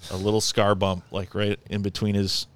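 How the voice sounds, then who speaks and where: Low, smooth-voiced man telling a story. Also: moderate pace. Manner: rambling, animated storyteller with restarts and laughter. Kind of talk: casual chat, telling a story.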